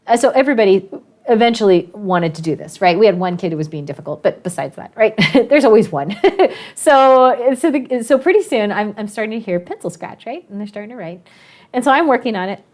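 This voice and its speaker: A woman teacher telling a classroom story in a casual, lively way, often laughing and acting out the voices of her students. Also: medium pitch, brisk.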